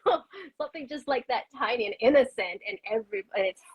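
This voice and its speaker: A woman's voice: high-pitched, sing-song, fast, vocal fry, highs cut off. A woman chatting casually, telling a light story and laughing along easily. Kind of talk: casual chat.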